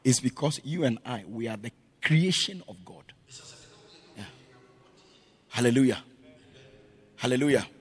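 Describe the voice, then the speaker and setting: A man preaching a sermon as pastor, swinging between loud shouted lines and quiet, low storytelling. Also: animated, unhurried, pauses often, slightly rough.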